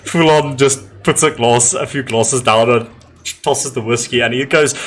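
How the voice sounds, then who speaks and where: A man narrating as game master, lively and quick to laugh. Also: mid-range voice.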